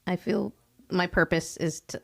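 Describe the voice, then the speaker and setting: Low-voiced woman podcast host. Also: fairly even intonation, unhurried, gravelly. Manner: affirming, supportive, frequent "yeah" and "mm". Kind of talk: podcast hosting.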